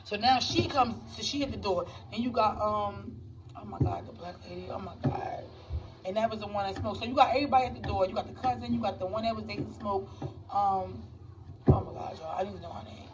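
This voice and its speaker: A woman's voice: mid-range voice, a little fast, over music. A woman casually recapping a movie at home for her viewers, rambling with many restarts and talking straight to them. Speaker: movie reviewer. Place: home with children nearby. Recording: distant, dull mic with faint background noise.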